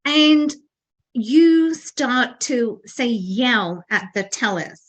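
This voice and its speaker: A woman's voice: on the high side, lively intonation, extremely slow. A woman co-hosting a talk show, giving an earnest motivational talk with frequent restarts and fillers. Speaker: podcast co-host.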